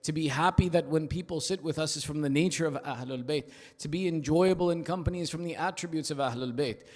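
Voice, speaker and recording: A man's voice: fairly high pitch, fast talker. Preacher guy telling stories in a sermon, emphatic, long reverb of a big hall. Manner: emphatic, rhythmic, shifts to hushed asides. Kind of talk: sermon with storytelling. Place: large prayer hall of an Islamic center.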